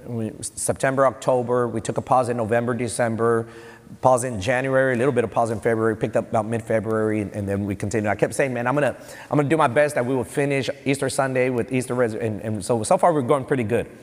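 A man with a Texan accent preaching a sermon as pastor, animated, with emphatic rising peaks. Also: medium pitch, fast. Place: church hall. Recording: long church reverb.

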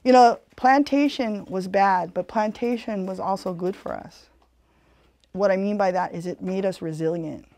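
A woman's voice: mid-range voice, moderate pace, dark tone. A woman from Hawaii with a Hawaiian Pidgin-tinged accent gives a community talk in an earnest, conversational way. She tells stories and keeps checking in with "you know.". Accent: Hawaiian Pidgin-tinged English. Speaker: speaker giving a community presentation.

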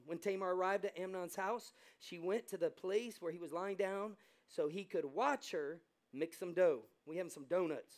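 His voice sitting high, an American pastor preaches with sharp contrasts, dropping into quiet asides, then rising into loud, fervent exclamations. He gives voice to the people he quotes.

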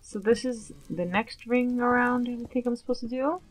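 A woman's voice: a little high, normal speed, poor audio. A woman giving casual gameplay commentary, chatty and nervous, often questioning herself aloud. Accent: Long Island put-on at times. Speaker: let's play gamer.

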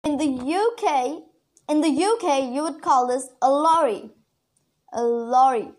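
Woman teacher w/ a high voice, slow and chatty, urdu is her first language, says words over again for learners. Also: darkish tone. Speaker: English teacher. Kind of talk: casual online lesson.

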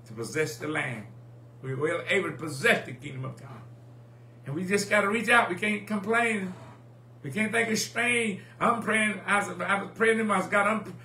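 A man's voice: sits high, pushed and bright. A man preaching a sermon in a rhythmic, repeating call-and-response style, recorded in an echoey church with a faint hum. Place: church sanctuary.

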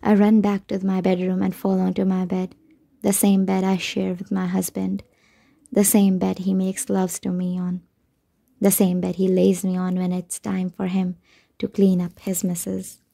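A woman narrating a novel in the first person, in an even, measured reading. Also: mid-range voice, vocal fry. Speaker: audiobook narrator.

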